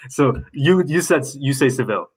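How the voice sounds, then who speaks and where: A man hosting a casual podcast, asking relaxed, curious questions and sharing stories. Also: mid-range voice, moderate pace, slight background noise, low-quality recording. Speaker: podcast host.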